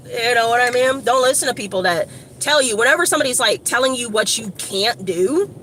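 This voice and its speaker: A woman from Evanston, Illinois, giving a casual, rambling motivational talk to her phone camera outdoors, slangy and animated with lots of asides. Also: fairly high pitch, brisk. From Evanston, Illinois, USA. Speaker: motivational vlogger. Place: outdoors by a street with shops. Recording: outdoor traffic noise.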